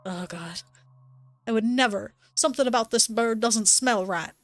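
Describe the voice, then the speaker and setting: A woman's voice: on the high side, normal speed, no echo. A woman streamer playing a story game, reading its text aloud with playful asides. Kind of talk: let's-play narration reading a visual novel aloud.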